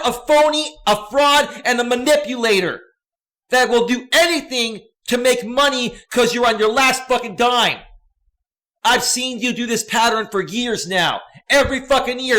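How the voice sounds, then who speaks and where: Male streamer, high-pitched, angry profane rant to viewers. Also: sharp tone. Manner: profane, heated, repetitive ranting. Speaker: livestream host and coach.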